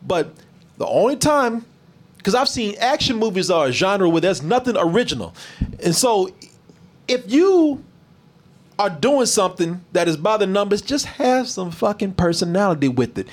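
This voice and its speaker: Man, high voice, very expressive pitch, casual movie review, profane, mocking. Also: normal speed.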